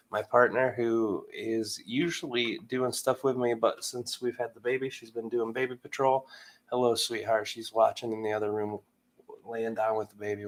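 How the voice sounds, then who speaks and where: A man's voice: fairly low pitch, creaky. A man in his thirties from Michigan hosting a casual live stream, chatting and greeting viewers by name in an upbeat way.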